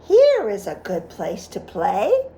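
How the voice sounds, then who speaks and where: A woman voicing a curious, playful kitten in a picture book read-aloud, speaking slowly and drawing out the words. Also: mid-range voice, wildly swooping pitch, warm tone, slight background noise, pitched below the performer's own voice, full character voice.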